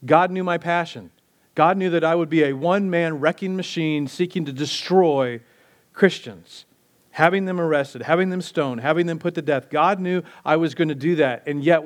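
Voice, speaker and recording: A male pastor preaching a sermon in a conversational style, firing rhetorical questions and dropping low and slow on key phrases.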